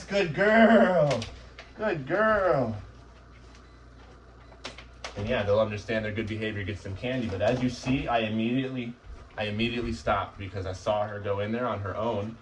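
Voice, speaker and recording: A man's voice: lowish voice, distant mic, slight background noise, poor audio. Man explaining dog crate training. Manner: conversational, often asks "right?". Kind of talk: casual instructional talk.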